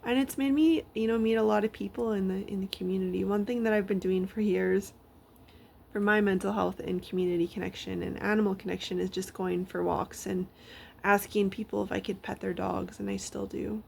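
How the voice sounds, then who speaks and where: A woman talking casually about her dog at home, rambling with many fillers and now and then dropping to a soft whisper. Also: medium pitch, steady tone, fairly quick, creaky, slight background noise. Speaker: vlogger. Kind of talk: casual personal storytelling.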